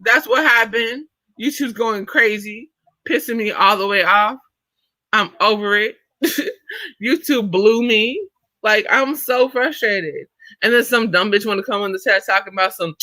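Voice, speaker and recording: Sharp-voiced woman ranting angrily. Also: medium pitch, no room sound, poor audio. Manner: profane, irritated ranting; fast, emphatic and confrontational. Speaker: livestream host. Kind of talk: livestream commentary rant.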